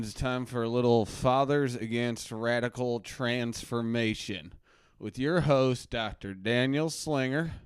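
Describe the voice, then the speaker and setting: A man playing a preachy, self-righteous male anti-drug crusader doctor on a comedy live stream from his basement, ranting between low mutters and loud outbursts. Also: clean tone, no room sound, clean studio sound, lightly acted. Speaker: host. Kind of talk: satirical live-stream rant. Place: home basement.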